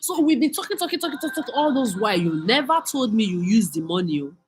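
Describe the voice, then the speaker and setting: A woman's voice: a little high, big pitch swings, quick pace, a little hiss or hum, poor audio. Furious Nigerian woman ranting. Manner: cursing, scolding, mixes in Pidgin. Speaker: vlogger. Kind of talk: angry rant monologue.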